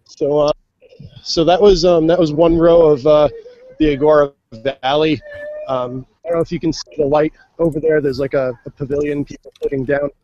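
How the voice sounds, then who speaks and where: A man's voice: a little high, fairly even intonation, moderate pace, mellow, no room sound, muffled recording. A man giving a casual, chatty report from outdoors at a festival, with plenty of fillers. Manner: easygoing, chatty, many fillers. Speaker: on-site reporter calling into a live show. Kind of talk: casual live walk-around report.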